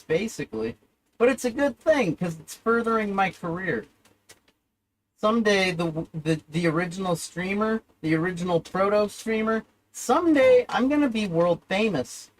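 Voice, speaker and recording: A man's voice: high-pitched, low-quality recording. A man ranting alone on his livestream, rambling and sarcastic with plenty of profanity and self-pity. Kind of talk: solo livestream rant.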